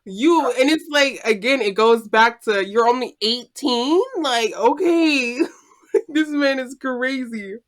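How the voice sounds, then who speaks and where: A woman hosting a casual chat, playful and quick to laugh. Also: a little high. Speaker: host.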